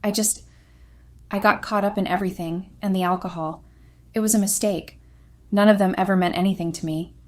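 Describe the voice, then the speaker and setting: A woman voicing a desperate, tearful wife who pleads in a higher, breaking voice. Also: steady tone, a little fast, close to an everyday voice. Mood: pleading.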